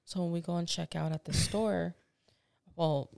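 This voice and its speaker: A woman with a low, gravelly voice chats with a co-host on a podcast. She tells stories with energy and laughs often. The sound is close and dry. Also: normal speed, no echo. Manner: animated storytelling, acts out voices, laughs often. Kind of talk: casual chat.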